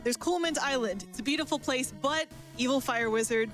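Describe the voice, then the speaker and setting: A woman's voice: high-pitched, a little fast, fairly bright tone, soft background music. A woman giving cheerful, casual commentary on a speedrun and explaining the game. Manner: cheerful, explaining, laughs easily.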